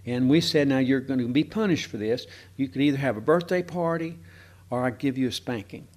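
Speaking at medium pitch with a darkish tone and a slightly quick pace, a preacher with a drawl takes his flock through scripture. He's casual and exploratory, full of hesitant fillers, and regularly asks the room for its views.

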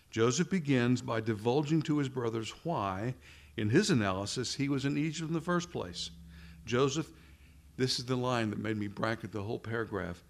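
Earnest male preacher, repeating phrases. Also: mid-range voice. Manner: earnest, rhetorical questions, repeats phrases for emphasis. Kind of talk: sermon.

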